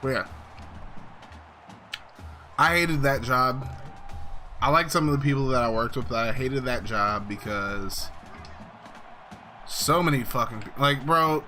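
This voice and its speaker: A young man on a live stream talks in a bright, pushy voice. He rambles and swears freely, padding his thoughts with fillers between reactions to the game. Faint music plays underneath. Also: mid-range voice, a little slow, pauses often. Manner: blunt, profane, rambling with lots of fillers. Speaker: streamer playing a football video game.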